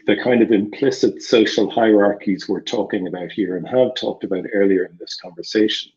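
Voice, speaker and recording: A man speaking on a panel discussion over a video call, in a measured, analytical way with hesitant restarts. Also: on the low side, darkish tone. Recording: dull lo-fi audio.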